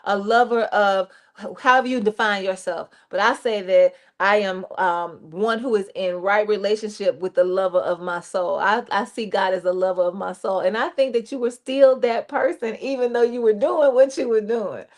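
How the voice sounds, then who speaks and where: A woman reverend hosting a livestream faith talk, speaking animated and direct to her listeners. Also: medium pitch, normal speed. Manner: animated, addresses listeners directly, acts out quotes. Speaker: reverend and show host.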